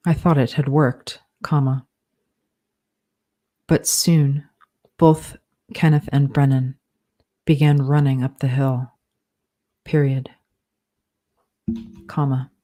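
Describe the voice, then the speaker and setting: A woman author dictating her novel aloud, slowly and deliberately, speaking punctuation marks and edit commands between phrases. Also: a bass voice, warm tone.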